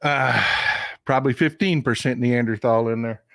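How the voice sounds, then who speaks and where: A man's voice: medium pitch, normal speed, gravelly, fairly bright tone, no echo, studio quality. A man hosting a live stream, chatting casually with viewers, laughing often and reading their comments aloud. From United States.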